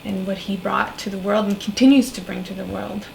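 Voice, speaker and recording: A woman's voice: mid-range voice, steady tone, a little fast, vocal fry, a little mellow, slight background noise, poor audio. A woman with a French Canadian accent, a guest on an interview show, talking about her work with enthusiasm and laughing often. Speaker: guest, shaman and author. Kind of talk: casual interview chat.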